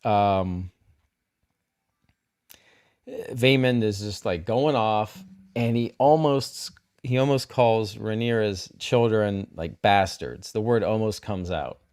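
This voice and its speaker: A man with a slightly low voice talks through a TV episode in a loose, unscripted way. He keeps circling back with fillers and restarts, but his enthusiasm carries through. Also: slow pace, a little mellow, clean tone. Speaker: show host. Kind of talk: casual spoiler talk about a TV episode.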